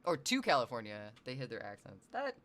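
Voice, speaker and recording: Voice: mid-range voice, wildly swooping pitch, a little fast, a bit bright. A casual livestreamer from the US Northwest, talking in a mid-range voice. The talk rambles from one thought to the next, with chat messages read out along the way. The tone is loose and offhand, with casual swearing.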